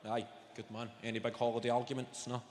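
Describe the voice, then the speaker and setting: A man's voice: medium pitch, level tone, quick pace, slight background noise. A Scottish man doing live stand-up in a large theatre, sardonic and sweary as he teases the audience. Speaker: stand-up comedian. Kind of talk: live stand-up routine with crowd work. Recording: echoey hall, loud audience laughter.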